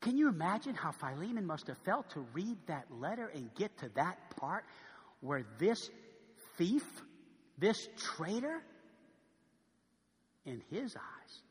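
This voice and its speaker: A man preaching a sermon as pastor, animated, swinging from loud calls to a hushed near-whisper. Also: sits high, slow pace, pauses often. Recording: long reverb in a large hall.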